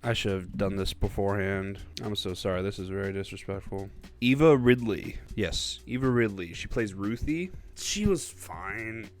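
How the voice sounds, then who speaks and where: Animated young man rambling a movie review. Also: fairly low pitch, normal speed, soft background music. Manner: animated, rambling, laughs and mock voices. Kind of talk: casual movie review vlog.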